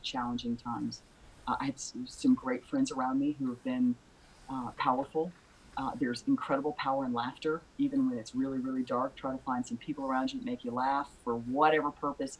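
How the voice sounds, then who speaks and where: A woman's voice: very deep voice, fairly quick, slight background noise, rough recording. Earnest woman singer giving advice. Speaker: singer-songwriter guest. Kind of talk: casual video interview.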